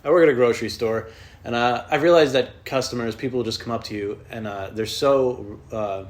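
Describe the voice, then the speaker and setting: Speaking briskly at a medium pitch, this podcast host goes on a relaxed solo rant. Rambling and swearing are constant, and he often backs up to restart what he's saying.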